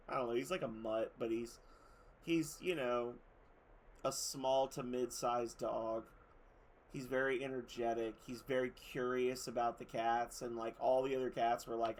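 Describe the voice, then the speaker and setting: A man's voice: medium pitch, a little hiss or hum. A man streaming a game in casual chat, rambling through stories, swearing and laughing as he goes.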